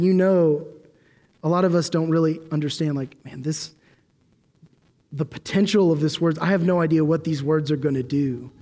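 A man's voice: high voice, mellow. A young man preaching a sermon in a loose, conversational way, with many fillers and restarts. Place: church hall. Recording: long hall reverb.

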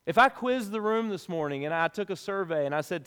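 A man preaching a sermon as pastor, in a lively, conversational way with casual asides, in a church sanctuary. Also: high-pitched, a little fast, clean tone. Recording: long reverb of a large hall.

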